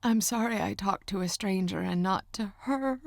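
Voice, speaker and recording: A woman narrator voicing a shy, tearful young woman artist in an audiobook, speaking in a halting, strained way. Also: medium pitch, vocal fry, no room sound, studio quality, pitched above the performer's own voice, natural voice. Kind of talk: audiobook character voice.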